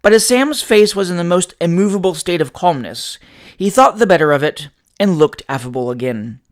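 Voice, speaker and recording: A man narrating a classic novel aloud in a measured, expressive storytelling manner. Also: sits high. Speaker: audiobook narrator.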